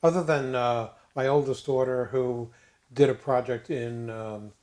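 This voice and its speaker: An older man chats casually as a co-host, his voice sitting at an ordinary middle pitch. He talks haltingly, full of fillers and restarts. Now and then he slips in a jokey aside. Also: steady tone, a little mellow. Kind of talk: casual chat.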